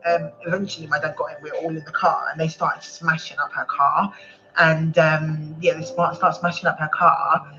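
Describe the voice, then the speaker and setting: A woman telling a personal story on a panel, rambling and halting, with many fillers and restarts. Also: low-pitched, fairly even intonation, a bit bright, lo-fi sound, faint music behind. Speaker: panel guest.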